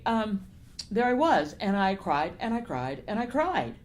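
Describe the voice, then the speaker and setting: A woman's voice: medium pitch, very animated, a little slow. An older woman author, talking in a casual interview, telling her stories with animation, laughing often and growing emotional. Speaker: novelist guest. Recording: faint background noise.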